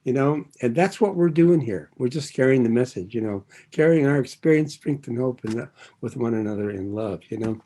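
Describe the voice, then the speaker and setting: A man's voice: medium pitch, lively intonation, a little fast, warm tone. Older man sharing in a rambling way. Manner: rambling and digressive, loses his thread and circles back; earnest and heartfelt with light chuckles. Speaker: recovery meeting speaker. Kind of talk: personal recovery share.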